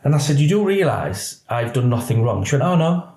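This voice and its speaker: Halting man recounting. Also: medium pitch, sing-song, dark tone. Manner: halting, emotional retelling with many restarts. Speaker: podcast guest, former police officer. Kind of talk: candid interview storytelling. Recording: roomy echo.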